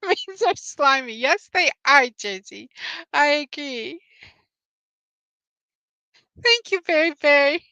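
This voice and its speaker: A woman's voice: high-pitched, lively intonation, slow, long pauses, pushed and bright, no room sound. A woman hosting a live-stream Bible trivia game. She cheerfully greets viewers, reads out their answers and laughs often. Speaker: host.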